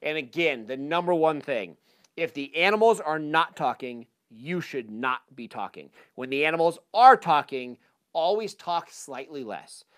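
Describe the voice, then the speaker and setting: Energetic man giving a casual hunting talk. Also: a little high, unhurried. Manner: casual, energetic, full of fillers. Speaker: hunting seminar presenter. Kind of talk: live talk to an audience.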